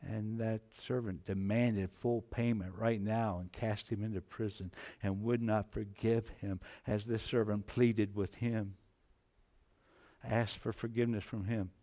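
A man preaching a sermon, moving between hushed, low passages and loud, emphatic climbs. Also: flat delivery, measured pace. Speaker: pastor.

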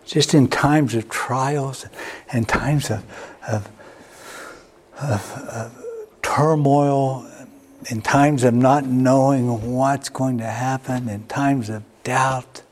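Slow, unhurried male preacher. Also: fairly even intonation, a little hiss or hum. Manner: storytelling preacher, repeats words, sudden rises in pitch. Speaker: pastor. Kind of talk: sermon.

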